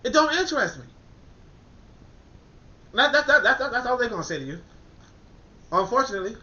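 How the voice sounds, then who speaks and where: Animated high-voiced man, stammering commentary. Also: fairly quick, lo-fi sound. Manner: animated, rambling, frequent stammered restarts. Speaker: commentator reviewing a document. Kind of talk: casual commentary with reading aloud.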